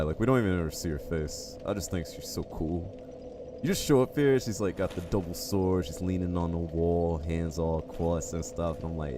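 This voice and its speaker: Low voiced guy streaming a game, joking around w chat, noisy background hum. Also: normal speed. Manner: chatty, joking banter with chat viewers. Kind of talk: casual live-stream chat while playing.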